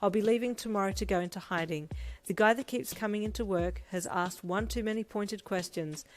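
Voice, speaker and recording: A woman voicing a sorrowful father in a read-aloud story, talking softly but sternly. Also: medium pitch, brisk, faint music behind, natural voice. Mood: weary. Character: stern, sorrowful father, middle-aged man.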